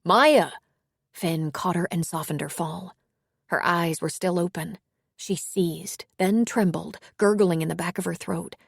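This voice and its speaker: A woman narrating an audiobook in an even, measured reading. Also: on the low side, creaky, husky, no room sound, studio quality. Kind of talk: scripted narration.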